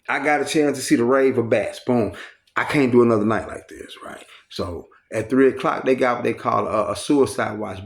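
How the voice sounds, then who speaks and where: Swearing constantly, this man rambles through a lengthy anecdote in a loose, animated way, voicing what everyone else said. He has a creaky, medium-pitched voice.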